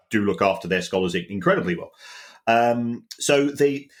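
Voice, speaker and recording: A man with a South London accent, co-hosting a podcast and explaining football finance in a halting way, often repeating words. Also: deep voice, fairly even intonation. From South East London. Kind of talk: casual explanatory chat.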